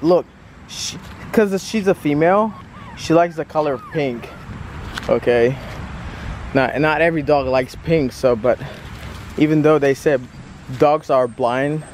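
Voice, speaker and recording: A man's voice: medium pitch, a little mellow. A man chatting casually in a vlog, easygoing and repetitive, recorded on a handheld phone outdoors near traffic. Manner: easygoing and chatty, repeats himself. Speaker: vlogger showing his new puppy.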